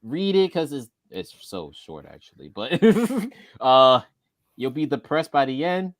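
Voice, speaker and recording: Giggly animated man chatting. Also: fairly high pitch, slow, dry recording, clean studio sound. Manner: giggly, laughs through his lines. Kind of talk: casual stream chat.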